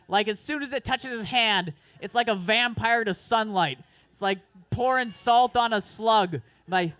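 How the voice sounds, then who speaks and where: A man's voice: sits high, a bit bright, smooth, no echo. A man performing a crude, self-deprecating stand-up set at an open mic, rambling through asides. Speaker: stand-up comedian. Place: comedy club open mic.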